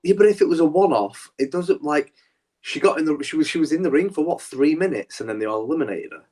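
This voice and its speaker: A man's voice: on the high side, animated, fast, a little mellow. A man co-hosting a wrestling podcast, talking animatedly in a rambling, casual way with lots of restarts. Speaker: podcast co-host.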